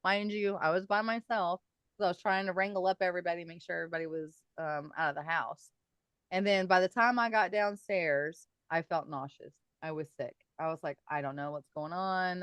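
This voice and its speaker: A middle-aged woman, a guest on a podcast, telling her own paranormal stories in a lively, chatty way and laughing often. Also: on the low side, moderate pace, clear, resonant tone, dry recording. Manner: animated storyteller, laughs often. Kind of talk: casual podcast storytelling.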